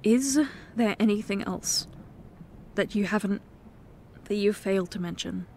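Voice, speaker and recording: A woman doing a whispered role-play as a girlfriend, speaking in a tender, pleading, soft-spoken way. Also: medium pitch, a little slow, a little hiss or hum. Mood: concerned. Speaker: ASMR performer.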